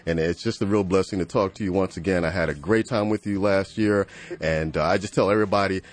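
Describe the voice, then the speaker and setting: A man's voice: deep voice, quick pace. A man hosting a casual radio interview, talking enthusiastically and hyping up the listeners. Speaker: radio host.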